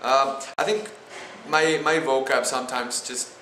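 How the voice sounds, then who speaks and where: Young guy, spanish accent, bright voice, lots of "like" and restarts, echoey room with faint hiss. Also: medium pitch, fairly even intonation. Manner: halting, many restarts and "like" fillers. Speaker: student vlogger. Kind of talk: casual vlog chat. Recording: roomy echo with faint noise.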